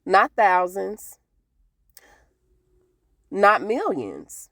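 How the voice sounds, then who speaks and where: A woman's voice: medium pitch, huge pitch swings, very slow, pushed and bright, no room sound. A woman recapping a TV show in a loose, chatty way, often laughing and calling out to her viewers. Her voice rises and falls a lot, and it sits in a middle range for a woman. The sound is close and dry. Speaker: TV recap host. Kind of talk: casual TV recap monologue.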